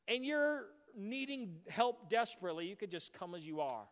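A pastor preaches from the pulpit in a voice that sits high for a man, animated and expressive, at a moderate pace with few pauses, sometimes breaking into a shout. A long reverb from the church sanctuary trails his words.

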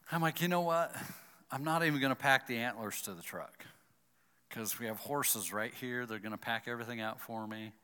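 A man's voice: mid-range voice, moderate pace, clear, resonant tone. A man telling a personal story with a moral, acting out his own thoughts as he goes. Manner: animated, acts out his own inner thoughts. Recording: long hall reverb.

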